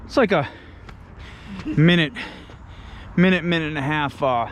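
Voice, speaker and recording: A slow-talking, fairly high-voiced man, winded and laughing as he climbs a steep brick street. He chats to his handheld camera outdoors. Faint traffic noise hums behind him. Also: dull audio. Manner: chatty, laughs often, easily excited. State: out of breath. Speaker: travel vlogger. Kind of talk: casual vlog walkthrough.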